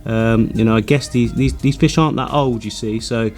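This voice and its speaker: A man vlogging about his aquarium, excitable and chatty, laughing often between remarks. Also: medium pitch, normal speed, faint music behind. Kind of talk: excited casual vlog narration.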